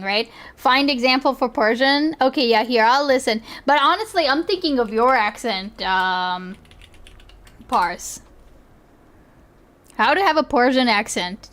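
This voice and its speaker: A young woman streaming and reacting in casual chat, excitable, laughing often and swearing freely. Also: high-pitched.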